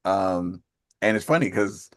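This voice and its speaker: A man's voice: deep voice, expressive, unhurried, no echo, clean studio sound. A man in his fifties hosting a group call, chatting casually in a rambling way and laughing often. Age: 50s. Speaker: host of an accountability call.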